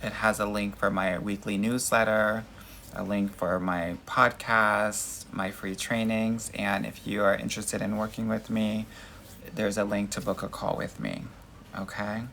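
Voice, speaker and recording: A man's voice: fairly low pitch, little pitch movement, unhurried, vocal fry, bright, forceful tone, a little hiss or hum. A man hosting a live dating Q&A, answering viewer comments in a sassy, emphatic way and calling his audience girl and honey. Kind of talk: casual livestream chat answering viewer comments.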